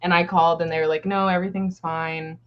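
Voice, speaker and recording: A woman's voice: fairly low pitch, level tone, quick pace. A woman who works at a library, telling workplace stories in a casual chat and laughing often. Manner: laughing, exasperated storyteller. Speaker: library worker. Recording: dull lo-fi recording with faint hiss.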